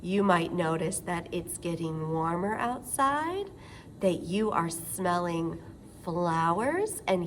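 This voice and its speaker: A woman leading a children's storytime, gentle and sing-song, with excited gasps as she guides finger rhymes. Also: high-pitched, a little hiss or hum. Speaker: children's librarian.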